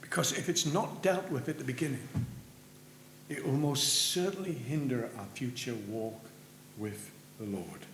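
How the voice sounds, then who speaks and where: A man preaching a sermon in a church, earnest, rising for emphasis and dropping low at the ends of phrases. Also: measured pace, a bit bright. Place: church sanctuary. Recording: roomy church with faint hum.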